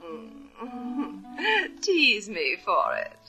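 Coy high-society tease for an old radio play; high, swooping voice, bright tone, faint music under it. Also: female voice, wildly swooping pitch, very slow, exaggerated voice. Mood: teasing. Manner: teasing, drawling, playful. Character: flirtatious sultry society woman, teasing and theatrical. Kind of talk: 1950s radio drama acting.

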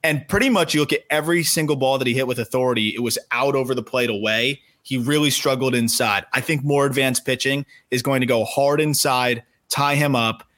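A man with a bright, forceful voice talks through baseball analysis as a podcast co-host. He speaks quickly and casually, restarting phrases as he thinks. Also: mid-range voice.

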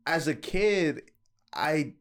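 A man's voice: a little high, animated, very slow. Young adult male, casual storyteller, loose and filler-heavy. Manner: laid-back storyteller, many fillers. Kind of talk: casual chat.

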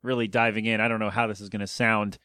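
A man's voice: on the low side, little pitch movement, quick pace, pushed and bright, clean tone, dry recording, studio quality. A man hosting his own podcast, talking casually in a rambling, self-deprecating way with lots of fillers and restarts. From United States. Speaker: podcast host. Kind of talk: casual solo podcast talk.

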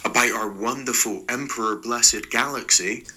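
A man with an Irish accent voicing a cheerful, naive male rogue trader who gushes with excitement. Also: mid-range voice, moderate pace, slight background noise. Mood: gleeful. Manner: gushing, bouncy, overexcited.

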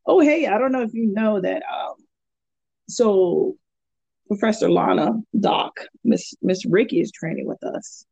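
A woman's voice: mid-range voice, measured pace, gravelly, darkish tone, husky, no echo. A woman guest in a casual chat, telling rambling stories and laughing often.

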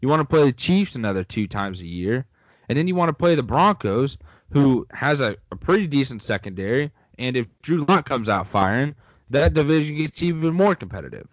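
Speaking a little fast in a sing-song, medium-pitched voice, this young male co-host rambles and jokes through his opinions on a relaxed sports podcast. The audio is dull, with no echo.

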